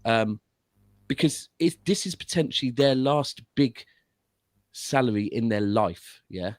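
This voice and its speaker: A man's voice: medium pitch, lively intonation, unhurried, no echo. A man as a guest pundit giving casual football analysis, explaining at length with frequent restarts. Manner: explanatory, long runs of reasoning with restarts.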